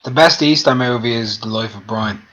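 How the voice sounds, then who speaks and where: A man's voice: medium pitch, normal speed, fairly bright tone, muffled recording. A man from Dublin with a Dublin accent, chatting casually as a podcast co-host, bantering and telling crude jokes. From Ireland. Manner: swearing, banter, joke-telling.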